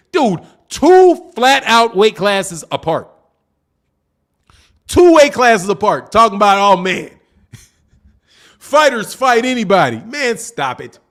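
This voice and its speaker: Hosting a boxing channel livestream, a man reads viewer comments aloud and answers them bluntly, calling people out and repeating himself for emphasis. His voice is fairly high and a bit bright.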